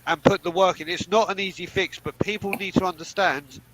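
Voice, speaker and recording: A high-voiced man speaks bluntly and with heavy emphasis, swearing freely as he co-hosts a podcast panel. Faint ambient noise sits under the call. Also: steady tone, fairly quick, a bit bright, low-quality recording. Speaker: podcast co-host. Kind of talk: candid panel talk.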